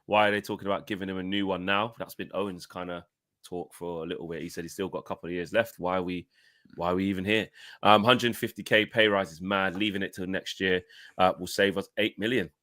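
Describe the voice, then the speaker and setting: Male podcast host, lowish voice, banter and viewer comments. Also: steady tone, fast talker, a bit bright, dry recording, studio quality. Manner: jokey storytelling, mimics others, reads viewer comments. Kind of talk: casual football banter.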